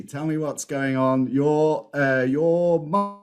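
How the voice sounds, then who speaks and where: A man hosting an interview show, chatty and quick to joke and tease his guest. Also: fairly high pitch, steady tone, over music. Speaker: show host. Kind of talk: casual interview talk.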